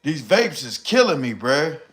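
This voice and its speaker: A middle-aged man chats loosely through his live stream, slangy and rambling as he answers comments. He sounds short of breath, with a bright, forceful voice sitting a bit high. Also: big pitch swings, measured pace. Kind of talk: casual live stream chat reading comments.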